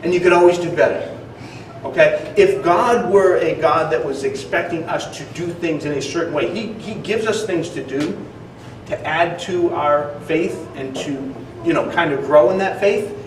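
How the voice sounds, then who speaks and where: Guy pastor giving a laid-back sermon, kinda high voice, mic far off, echoey church room. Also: moderate pace, slight background noise. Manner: casual, conversational preaching with frequent fillers. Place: church hall. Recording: echoey hall, distant mic.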